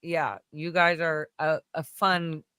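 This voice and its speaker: Rambling, animated woman telling a story. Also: deep voice, slow, clear, resonant tone, dry recording, clean studio sound. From California. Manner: rambling, animated, full of fillers, acts out voices. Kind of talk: casual chat, storytelling.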